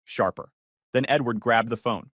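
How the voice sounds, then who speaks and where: A man giving a sardonic, deadpan first-person story narration into a close mic. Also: medium pitch, normal speed, no echo.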